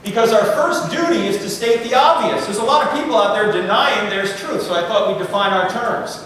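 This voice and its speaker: Middle-aged male speaker, higher register, wisecracking lecturer, booming hall reverb. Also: a bit bright, a little hiss or hum. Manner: joking, conversational, quick asides to the crowd. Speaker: guest speaker. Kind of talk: humorous lecture to a live audience. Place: large university lecture hall. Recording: echoey hall, voice picked up from far off.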